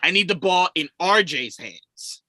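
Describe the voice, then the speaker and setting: A lively man on a sports podcast, talking over a video call with a high, very bright voice that swings widely in pitch. He swears freely, laughs often and acts out other people's words. The sound is dry and close. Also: measured pace, dry recording. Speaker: podcast co-host. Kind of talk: casual sports chat.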